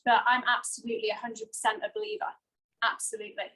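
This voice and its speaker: A woman co-hosting a talk show, telling a heartfelt personal story with many pauses and fillers. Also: a little high, level tone, pushed and bright, rough recording. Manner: earnest, emotional, rambling with many fillers.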